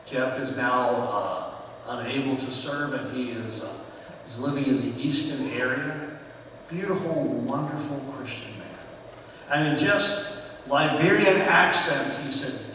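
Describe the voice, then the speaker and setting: A man preaching a conversational sermon in a church sanctuary, telling personal stories earnestly and letting his phrases fall softly at the ends. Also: mid-range voice, a little slow, a little hiss or hum. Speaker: pastor. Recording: echoey sanctuary with long reverb, far from the mic.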